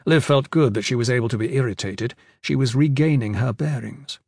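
A man reading fantasy fiction as an audiobook narrator in a measured, steady way. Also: mid-range voice, vocal fry, no room sound, clean studio sound. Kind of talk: scripted narration.

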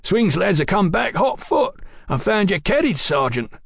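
A man voicing a cunning, whining ruffian with a high, wailing voice. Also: sing-song, moderate pace, creaky, breathy edge, no echo, clean studio sound, exaggerated voice. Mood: gloating.

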